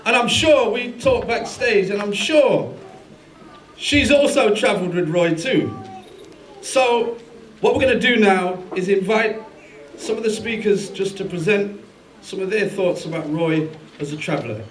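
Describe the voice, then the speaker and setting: A man's voice: high-pitched, lively intonation, a little slow, long pauses, slight background noise. A man hosting a live tribute event, rousing the audience with questions. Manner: rousing, asks the crowd questions. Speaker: event host. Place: large hall at a live event. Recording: echoey hall, far from mic, crowd.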